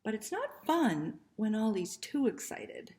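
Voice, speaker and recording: Children's librarian, woman, unhurried storytime reader, soft and gentle, slips into hushed near-whispers, quizzes the kids as she reads. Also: on the high side, very animated, a little hiss or hum. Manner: gentle, soft-spoken, talks to children with questions. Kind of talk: reading a picture book aloud to children.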